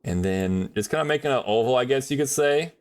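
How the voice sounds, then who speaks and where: A man's voice: mid-range voice, lively intonation, fairly quick, darkish tone. A man chatting casually on a livestream while drawing, rambling in a friendly way with many fillers and restarts.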